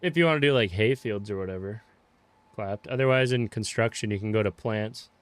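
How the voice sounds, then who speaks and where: A young man casually chatting with viewers while playing a farming game, relaxed and swearing offhandedly. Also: lowish voice, fairly quick, dry recording. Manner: laid-back, swears casually, greets viewers by name. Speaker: game streamer. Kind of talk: casual live-stream chat while playing.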